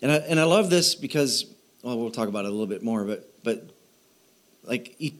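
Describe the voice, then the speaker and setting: A man's voice: medium pitch, animated, a little fast. A man preaching a sermon in a chatty way, with laughing asides and questions to his listeners. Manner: asks the audience questions. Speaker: pastor.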